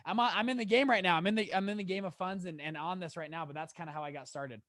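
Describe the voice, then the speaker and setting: A young man in his twenties, a guest on a podcast, telling his story in a lively way with many restarts. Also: high voice, no echo. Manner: animated, quick storyteller with laughs and restarts. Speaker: guest, fund manager. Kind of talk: casual storytelling in an interview.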